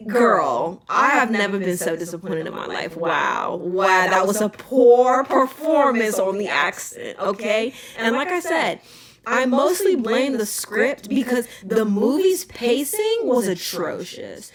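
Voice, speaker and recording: A young woman hosting a podcast, talking casually in an emphatic, animated rant. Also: medium pitch, a little slow, a crowd in the background. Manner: animated, emphatic ranting with frequent "okay?" asides. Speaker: podcast host. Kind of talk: casual chat.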